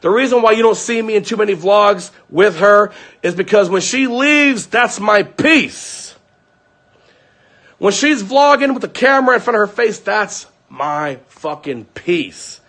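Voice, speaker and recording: A young man with a somewhat high, husky voice rants at his stream audience. He talks in heated, profane bursts, with the rough edge of someone unloading his grievances unscripted. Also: lively intonation, a little slow, fairly bright tone. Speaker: streamer venting to his viewers. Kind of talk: angry unscripted rant.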